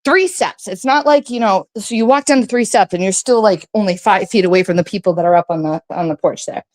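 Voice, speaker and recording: A woman guest with a brisk, mid-range, darkish voice tells a long story in casual chat. She rambles with lots of fillers, swears freely, and acts out what other people said.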